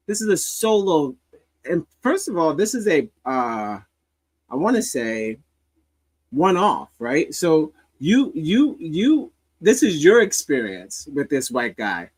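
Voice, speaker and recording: Sardonic man with a higher voice. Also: low-quality recording. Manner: rambling and sardonic, with many restarts. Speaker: host of a commentary stream. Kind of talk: casual commentary on social media clips.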